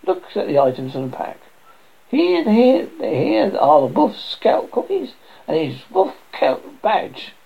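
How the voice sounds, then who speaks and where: A woman's voice: medium pitch, huge pitch swings, takes it slowly, creaky, husky, voice pushed up, heavily acted. A woman voicing a thoughtful male pig juror who argues his case earnestly. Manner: earnest, reasoning. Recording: dull lo-fi recording.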